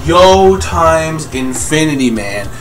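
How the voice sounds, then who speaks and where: A man reacting live to a comic chapter, swearing constantly and bursting into yells. His pitch swings widely as he talks, with faint music playing behind him. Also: slow pace. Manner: excitable, profane, yelling in bursts. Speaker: manga reviewer.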